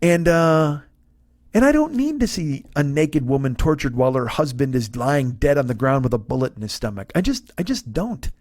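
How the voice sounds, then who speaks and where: A man's voice: fairly high pitch, expressive, normal speed, a little mellow, dry recording, clean studio sound. A middle-aged man hosting a podcast, ranting sarcastically about a movie with heavy swearing and acted-out lines. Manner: sarcastic, swears a lot, acts out characters' lines. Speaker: podcast host. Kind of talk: profane comedic movie rant.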